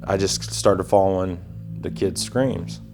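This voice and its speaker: A man recounting a tornado rescue as documentary testimony, halting and full of restarts. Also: low-pitched, over music.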